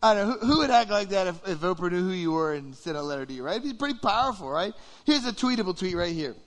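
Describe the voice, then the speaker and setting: A man preaching in a high, bright voice, loose and conversational, who acts out little quoted reactions as he goes. It is a relaxed, lively sermon. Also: fast. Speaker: pastor.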